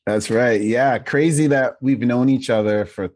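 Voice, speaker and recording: A man's voice: medium pitch, a little slow, darkish tone, no echo, studio quality. A man in his forties from Maine, co-hosting a podcast in a laid-back, chummy way, cursing now and then. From Maine, USA. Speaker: podcast co-host, remote work consultant. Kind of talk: casual podcast chat.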